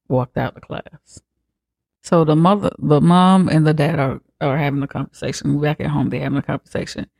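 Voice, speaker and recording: A man's voice: a little high, gravelly, a little mellow, no room sound, clean studio sound. A man hosting a comedy podcast, retelling a horror film in a slangy, profane, laughing way. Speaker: podcast host. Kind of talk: comedic movie recap.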